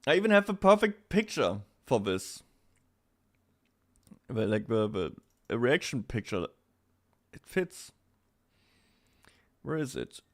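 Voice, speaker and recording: A man's voice: medium pitch, very animated, unhurried, long pauses. A young man with a German accent, chatting casually as a streamer, often breaking into laughter. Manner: laughs often, reacts loudly to chat.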